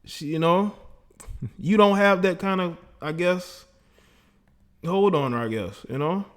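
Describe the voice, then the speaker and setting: Taking his time, a high-voiced man hosts an easygoing call-in livestream, laughing and bragging as he addresses his chat and callers.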